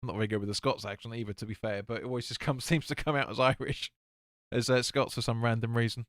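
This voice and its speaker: A man's voice: medium pitch, fairly even intonation, fast talker, a bit bright, no room sound, studio quality. A man hosting a live football watch-along, calling the play and chatting with viewers as he reads their comments. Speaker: fan watch-along host.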